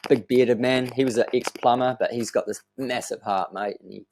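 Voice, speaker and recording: A man, telling his story as a podcast guest in an earnest, animated way and swearing casually. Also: medium pitch, normal speed. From New Zealand.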